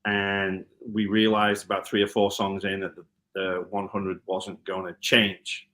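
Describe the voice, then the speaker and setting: Scouse man with a lowish voice. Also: monotone, a little slow, a bit bright. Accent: Liverpool (Scouse), with some American mixed in. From Liverpool, England. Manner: rambling storyteller, many ums and restarts. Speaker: guitar tech. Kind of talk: casual interview chat.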